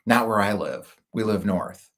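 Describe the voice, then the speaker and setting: A man's voice: lowish voice, unhurried. A middle-aged man from the United States rambling through personal stories with wry asides, in casual monologue style. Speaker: speaker.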